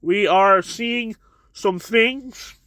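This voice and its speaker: A man's voice: sits high, pushed and bright, dry recording. A man casually recapping and reviewing a manga chapter, rambling a bit as he retells scenes. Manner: rambling, retells scenes with quick quoted voices.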